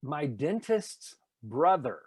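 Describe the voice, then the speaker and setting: The guest is a voice actor from Nashville, his light Tennessee accent carried by a slightly high, slow voice with a breathy edge. Animated, he tells stories in a casual interview and slips into impressions; the recording is dry.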